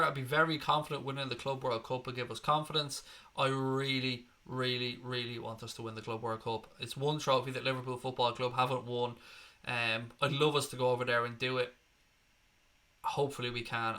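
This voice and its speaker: Sweary, bright-voiced football channel host. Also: male voice, mid-range voice. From Northern Ireland or Ireland. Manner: blunt, sweary, chatty. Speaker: football channel host reading viewer comments. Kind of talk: casual livestream chat.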